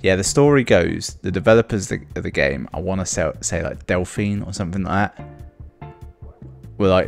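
A man's voice: low voice, animated, brisk, creaky, soft background music. A man giving casual let's play commentary on a video game, with dry, sarcastic asides.

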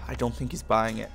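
A man hosting a video game playthrough, reading out upgrade options and trash-talking enemies in an excitable way. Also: fairly low pitch, gravelly. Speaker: gaming video host. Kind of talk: let's play commentary. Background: game music and gunfire.

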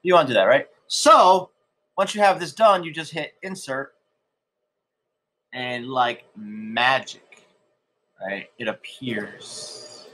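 A slightly high-voiced man talks through a screen tutorial in a loose, chatty way. He keeps checking in with his listeners and drifts into a country accent now and then. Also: animated, slow, pauses often, pushed and bright. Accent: slips into a country accent at times. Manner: loose, chatty, lots of "right?" and "okay?". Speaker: edtech tutorial host. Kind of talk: casual screen-recorded tutorial.

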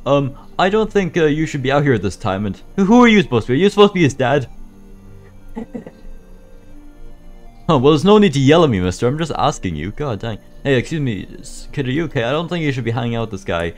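A man's voice: mid-range voice, sing-song, fast, faint music behind, natural voice. A man voicing a goofy, whiny animatronic bear who stammers as he talks in a game machinima. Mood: flustered.

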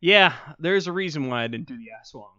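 A man's voice: a little high, expressive, fast talker, pushed and bright. A man co-hosting a podcast, making dry, wry remarks in casual chat. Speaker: podcast co-host. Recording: dry, slightly muffled mic.

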